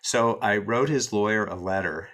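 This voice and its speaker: Guest: American man, low voice, animated and a little snarky, casual interview storyteller. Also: normal speed. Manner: animated, self-deprecating storyteller with a snarky edge. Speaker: entertainment attorney guest.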